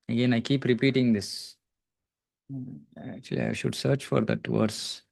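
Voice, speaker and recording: A man's voice: medium pitch, fairly even intonation, a little slow, vocal fry, a little mellow, no room sound. Reflective man giving a scripture class. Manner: reflective, searching for words, reads Sanskrit verse then translation; self-deprecating.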